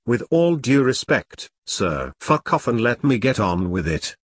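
Brief: man playing a grieving young soldier, blunt and raw, husky, dry. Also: medium pitch, sing-song, a little slow, dry recording. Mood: angry. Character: anguished young male soldier, reckless and grieving.

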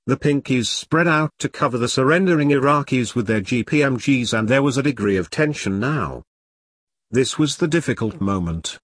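A man with a middle-pitched voice narrates an audiobook steadily and with measure, his tone carrying a breathy edge. The recording is close and dry, with no room sound at all.

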